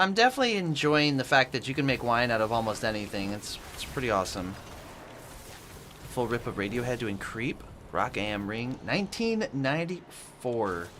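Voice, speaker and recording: A man's voice: mid-range voice, fairly bright tone, a little hiss or hum. A man streaming at home from his apartment, casually chatting with viewers and answering their chat messages aloud as he plays.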